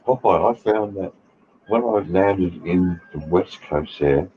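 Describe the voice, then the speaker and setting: A man's voice: low-pitched, slow pace, narrow, tinny audio, a little hiss or hum. A man, chatting casually and rambling with hesitant fillers. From Australia. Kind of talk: casual chat.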